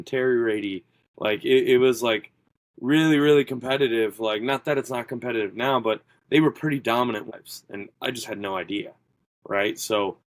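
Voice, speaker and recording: A man's voice: medium pitch, no echo, poor audio. A man who is a strongman athlete, guesting on a podcast and telling stories casually, full of fillers and quoting what people said to him. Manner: rambling, filler-heavy, quotes people in his stories. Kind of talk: casual interview storytelling.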